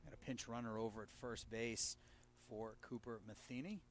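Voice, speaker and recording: Man calling high school baseball outdoors. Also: normal speed. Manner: steady, rising sharply on big plays. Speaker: play-by-play announcer. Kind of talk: baseball play-by-play commentary.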